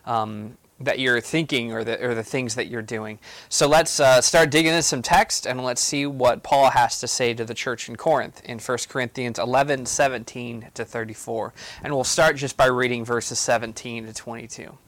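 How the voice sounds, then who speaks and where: A man's voice: mid-range voice, fairly even intonation, moderate pace, a bit bright, dry recording. A man giving a casual, explanatory Bible teaching on a podcast, with frequent fillers and restarts. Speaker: campus ministry podcast teacher.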